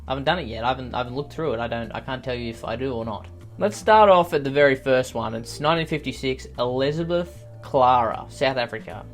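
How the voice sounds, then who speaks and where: A man riffs through a comedy video in a sarcastic, self-mocking tone. His voice sits at an ordinary middle pitch, and light music plays quietly underneath. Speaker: YouTuber host. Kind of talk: comedic vlog commentary.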